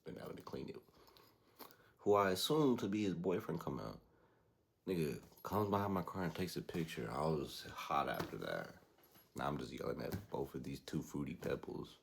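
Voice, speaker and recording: A young man hosting a podcast, telling a story casually in slangy, animated talk and imitating the people he quotes. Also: very deep voice, moderate pace, creaky, a little hiss or hum. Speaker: podcast host.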